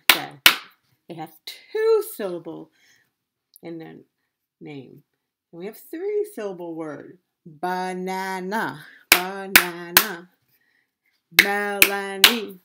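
A woman teaching young children, repeating words slowly and spelling them out syllable by syllable with steady encouragement. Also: lowish voice. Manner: slow, drawn-out syllable-by-syllable repeating of names, encouraging. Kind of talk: online class lesson for young children. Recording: loud steady background noise with clicks.

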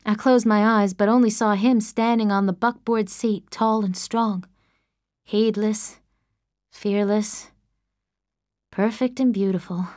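A woman narrating an audiobook in the first person, measured and expressive, close to the mic. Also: mid-range voice, no echo.

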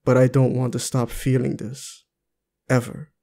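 A man reading lines for a brooding adult male cyborg agent, in a slow, low murmur. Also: level tone, mellow, lightly acted.

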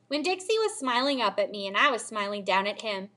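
A teacher reading a children's novel aloud with expressive storybook delivery. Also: female voice, medium pitch, brisk, hardly any pauses. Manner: expressive storybook reading, lively character voices.

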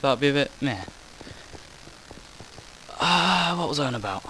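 A man with a voice on the high side talks at a measured pace, expressive and pushed with a bright edge, as he rambles over his own game footage. He loses his train of thought, interrupts himself and swears casually. The recording is low quality, with slight background noise.

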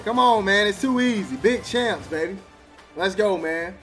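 A man's voice: high voice, a little slow, soft background music. A man streaming a football video game, trash-talking and laughing. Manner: animated trash talk, laughing, slang. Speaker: gaming streamer. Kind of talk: casual game commentary.

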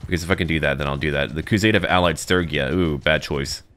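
A man's voice: very deep voice, steady tone, fast talker, fairly bright tone. A man giving casual let's-play commentary, thinking aloud and talking to his troops as he plays. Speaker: gaming YouTuber.

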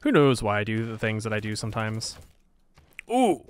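Lively, chatty young man streaming. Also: fairly low pitch, normal speed, clear, resonant tone, dry recording. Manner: chatty, jokey, laughs often, talks to himself and chat. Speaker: streamer playing a strategy game. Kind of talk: casual gameplay commentary.

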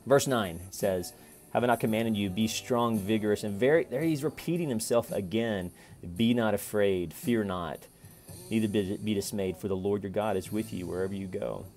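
A man in his forties giving a casual Bible reflection to camera, chatty and repetitive, with sudden loud playful callouts. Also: fairly low pitch, moderate pace, soft background music. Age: 40s. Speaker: vlogger reading and reflecting on scripture.

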